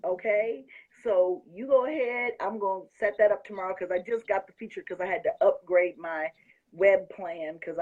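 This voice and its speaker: A woman's voice: lowish voice, darkish tone, husky, muffled recording. A woman hosting a casual talk, effusive and often laughing as she gushes. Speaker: host. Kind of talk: excited casual chat.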